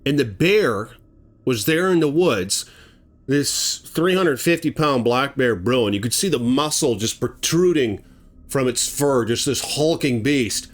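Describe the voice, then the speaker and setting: A man's voice: medium pitch, expressive, unhurried. A man telling a chilling true story in a casual, dramatic way, with vivid asides to his viewers. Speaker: horror storyteller.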